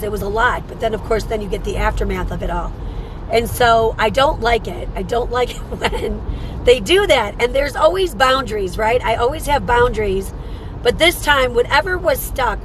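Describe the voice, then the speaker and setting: A woman's voice: a little high, expressive, normal speed, background noise. A woman who works as a psychic medium and hosts a show, telling a story in a rambling, casual way and repeating phrases for emphasis.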